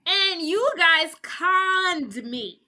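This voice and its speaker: Woman putting on a blustering mob-adjacent man, angry, conned, raised bright voice. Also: high voice, expressive, slow pace, a little hiss or hum, heavily acted. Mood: indignant. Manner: blustering, indignant. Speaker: podcast host.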